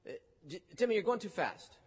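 Preacher man swinging loud to hushed. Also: sits high, sing-song, fairly quick, husky, in a large hall. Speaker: pastor. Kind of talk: sermon.

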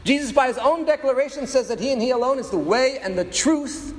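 A man with a strikingly high voice preaching a sermon. He uses slow, weighty pauses and rhetorical questions. His voice carries a long reverb, as in a big hall. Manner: dramatic preaching, rhetorical questions, sound effects. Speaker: pastor.

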